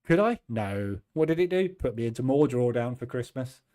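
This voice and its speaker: A man in his fifties hosting a trading channel, talking in a chatty, self-deprecating way and acting out his own quick asides. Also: medium pitch, animated, warm tone. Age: 50s. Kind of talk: casual chat.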